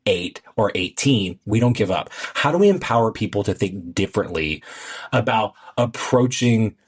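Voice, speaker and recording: A man hosting a podcast conversation, reflective and searching, who winds through long questions and shares personal memories. His voice is on the low side with a husky, slightly breathy edge. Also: expressive, normal speed. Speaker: podcast host.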